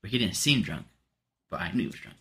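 A man casually telling a rambling story among friends, animated and profane, slipping into Spanish now and then. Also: on the low side, fast talker. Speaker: podcast co-host telling a story.

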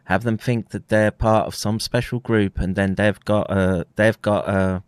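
A man hosting a casual conversation, talking in halting, rambling stretches with frequent restarts. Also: lowish voice, steady tone, smooth, no echo. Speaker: podcast host.

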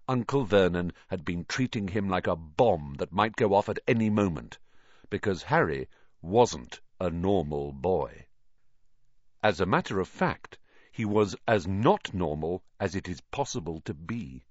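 Low-pitched guy reading a storybook, really animated, dull lo-fi dry sound. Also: dry recording. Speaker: audiobook reader. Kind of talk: storybook narration.

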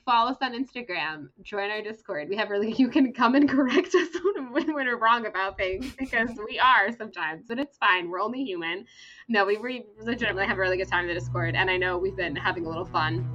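A woman's voice: on the high side, lively intonation, fairly quick, a bit bright, highs cut off. An American woman co-hosting a podcast in casual chat, rambling with lots of fillers and frequent laughter. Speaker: podcast co-host.

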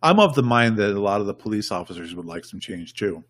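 A man's voice: fairly low pitch, lively intonation, fast, dry recording. A man talking politics in a casual podcast chat, rambling and emphatic, often repeating himself. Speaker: podcast guest.

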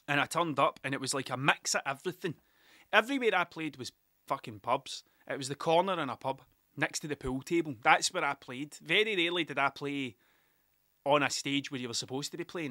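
A man's voice: on the high side, pushed and bright, no echo, studio quality. A Scottish man, a musician, telling rambling, sweary stories about gigs in a casual monologue, often laughing at himself.

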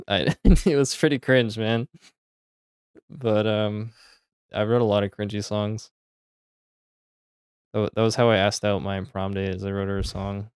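A man's voice: fairly low pitch, fairly even intonation, measured pace, long pauses, darkish tone, clean tone, no echo, clean studio sound. A young man in casual podcast chat, laughing often and teasing himself. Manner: laughing, self-mocking banter.

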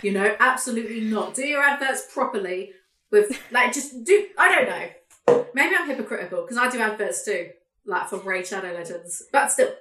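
A woman hosting a casual podcast chat and ranting in an animated, sarcastic way with plenty of swearing. Her voice sits a bit high. The room gives a noticeable echo. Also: normal speed. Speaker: podcast host, YouTuber.

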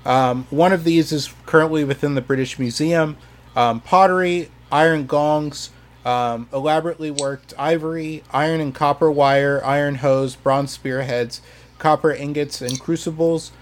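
A man's voice: fairly high pitch, fairly even intonation, moderate pace. A man explaining history on a podcast in a hesitant, casual way, full of ums and restarts. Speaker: history presenter.

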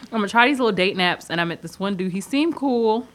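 A woman's voice: mid-range voice, moderate pace. A young woman co-hosting a casual podcast, telling a dating story and acting out the other voices. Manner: animated, acts out quoted dialogue. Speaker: podcast co-host.

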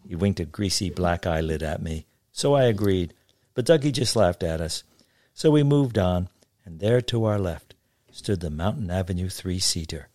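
A man's voice: sits low, expressive, moderate pace, darkish tone, no room sound. Dry-voiced man telling a childhood story. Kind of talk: told memoir story.

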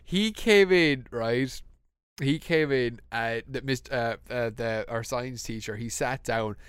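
A young Irish man tells a story on a casual podcast, animated and quick to laugh, often stumbling and restarting. His voice is smooth and clear. It is recorded close and dry. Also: mid-range voice, dry recording. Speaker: podcast co-host.

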